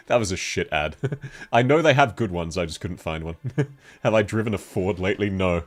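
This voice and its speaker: A man's voice: low-pitched, lively intonation, moderate pace, long pauses, soft background music. A man with a cold, chatting casually on a livestream, reading chat and laughing often. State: sick with a cold. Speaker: VTuber streamer.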